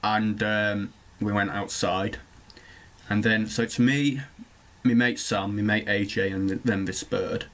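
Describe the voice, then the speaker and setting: A young man, co-hosting a podcast and telling stories in casual chat, animated and swearing often. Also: lowish voice, unhurried. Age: young adult. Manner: animated storytelling, swears a lot. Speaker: podcast co-host.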